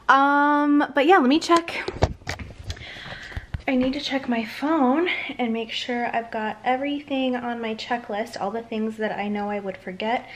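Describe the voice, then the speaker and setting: Upbeat young woman chatting to camera, noisy. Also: fairly high pitch. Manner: chatty and upbeat, full of likes and ums. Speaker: vlogger. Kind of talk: casual vlog chat to camera. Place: at home, indoors.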